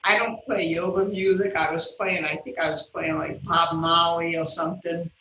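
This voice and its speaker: A woman guest in an interview, telling a personal story in an animated way and acting out the voices of the people in it. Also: lowish voice, moderate pace, echoey room, dull audio, a little hiss or hum. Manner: animated, acts out the voices of people in her stories. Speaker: guest, yoga instructor.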